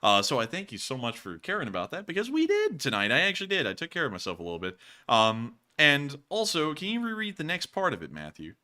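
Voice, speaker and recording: A man's voice: on the high side, huge pitch swings, quick pace, bright, forceful tone. A man hosting a livestream news chat, answering viewer questions in a rambling, conversational way with a sore throat. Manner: rambling, conversational, many fillers. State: sore throat, about to cough. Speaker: host.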